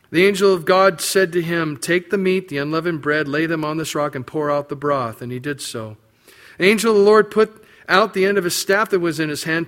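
Animated man preaching a sermon. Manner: animated, acts out biblical quotes with rising pitch and emphasis. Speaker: pastor.

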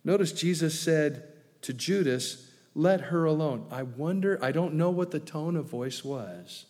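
A pastor preaching a sermon in a conversational way, with joking asides and acted quotes. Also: male voice, fairly high pitch, measured pace, darkish tone, big-room sound.

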